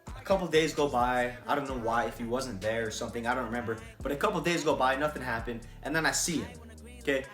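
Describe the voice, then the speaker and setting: A man telling a personal story to camera in a casual, animated and profane way, often checking in with "right?". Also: mid-range voice, fast talker. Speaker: vlogger. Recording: roomy echo, faint music.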